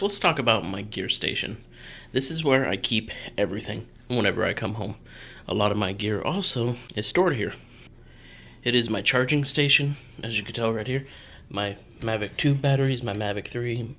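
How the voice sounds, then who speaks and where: A man's voice: mid-range voice, a little hiss or hum. A young man, casually touring his home office in a vlog, his breathing audible as he talks.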